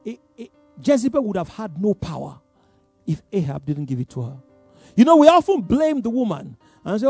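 A male preacher delivering a sermon animatedly, swinging from loud emphasis to soft asides and laughing between points. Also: high-pitched, big pitch swings, fairly quick, husky, dry recording, faint music behind.

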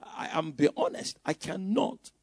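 Pastor, male, high and very lively voice, preaches with loud bursts and teasing asides, dry close sound. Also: measured pace, vocal fry, breathy edge, dry recording. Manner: mocking asides. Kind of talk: sermon.

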